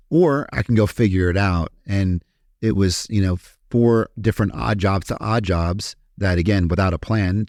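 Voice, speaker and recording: A man from Kentucky, a podcast guest telling his story in a candid, animated way and swearing freely. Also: low voice, dry recording, clean studio sound. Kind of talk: casual storytelling interview.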